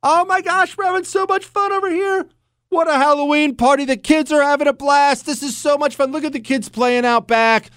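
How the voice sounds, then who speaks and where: A man mimicking a gushing suburban woman at a Halloween party in a high voice. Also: normal speed, fairly bright tone, dry recording, studio quality.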